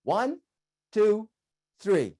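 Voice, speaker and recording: A man's voice: sits high, extremely slow. A middle-aged man giving a humorous keynote speech to an online audience, telling stories with bursts of singing and laughter. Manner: animated storyteller, bursts into sung "oh yeah" and laughs. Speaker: keynote speaker.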